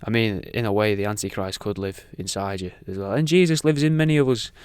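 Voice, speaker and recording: A man hosts a radio show in a rambling, irreverent monologue full of swearing. His voice is smooth and resonant. It sits close and dry, with no room sound around it. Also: fairly low pitch, fast talker, a little mellow, dry recording.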